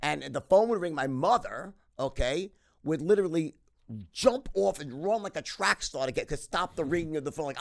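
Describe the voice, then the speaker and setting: A brisk, creaky, slightly high voice belongs to a middle-aged podcast guest. He animatedly tells casual interview stories laced with profanity, restarting often and leaning on "right?".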